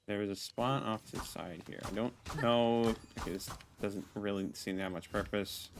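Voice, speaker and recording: A man's voice: fairly low pitch, fairly even intonation, moderate pace, background noise. A man streaming a video game, chatting casually as he plays, rambling, restarting words and talking to his viewers. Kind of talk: casual gameplay commentary.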